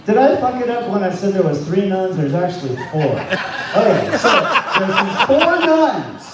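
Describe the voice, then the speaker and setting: A man's voice: sits high, sing-song, moderate pace. A man doing stand-up at an open mic, telling a long joke and losing track of it as he goes. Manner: rambling, loses track of his own joke. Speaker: stand-up comic. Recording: echoey room, far from the mic, faint room noise.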